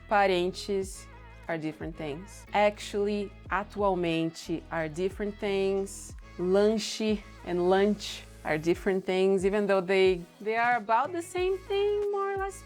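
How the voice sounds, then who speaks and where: Brazilian-accented woman, young adult, language teacher, careful repetition of examples, soft music behind. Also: mid-range voice. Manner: explains slowly, repeating example words. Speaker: Portuguese teacher. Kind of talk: language lesson.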